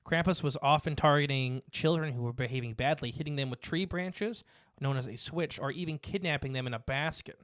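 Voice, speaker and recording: A man co-hosts a casual podcast, reading facts from his notes and rambling with fillers and restarts. His voice is a little high and a bit bright, and he talks slightly fast. He's recorded on a dry close mic with no echo.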